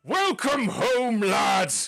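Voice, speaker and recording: A man voicing a burly eagle-like elder, a boisterous warrior with a huge booming voice. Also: very animated, drawn-out words, vocal fry, heavily acted. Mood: hearty booming. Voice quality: booming, loud.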